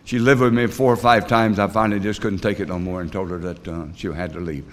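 An older man sharing his recovery story before a group, his voice sitting on the low side. He rambles earnestly and confesses plainly, with folksy grammar and a lot of "uh" between thoughts. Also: fairly even intonation. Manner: rambling, plain-spoken storytelling with frequent pauses. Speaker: speaker at a recovery meeting. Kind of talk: personal testimony talk.

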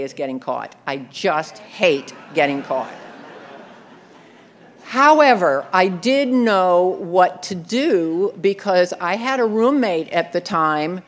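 Speaking unhurriedly in a fairly low voice with lively intonation, this woman recounts her own recovery. She pokes fun at herself with wry humor and laughs frequently along the way.

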